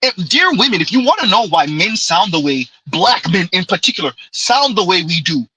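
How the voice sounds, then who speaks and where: A man's voice: sits high, sing-song, normal speed, pushed and bright, slightly rough, no room sound, poor audio. A man, giving an opinionated commentary monologue with emphatic call-outs and rhetorical asides. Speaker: commentary vlogger.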